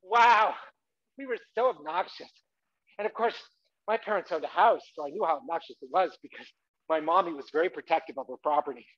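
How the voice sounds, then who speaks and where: Animated man performing a comic stage monologue. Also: a little high, brisk, highs cut off. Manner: animated, playful, bursts into loud shouts. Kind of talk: comic autobiographical monologue with audience participation. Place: theatre stage.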